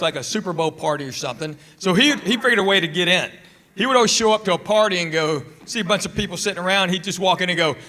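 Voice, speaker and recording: A man doing a stand-up routine on a theater stage, telling stories with animated punchlines. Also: high-pitched. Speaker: stand-up comedian. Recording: reverberant theater sound.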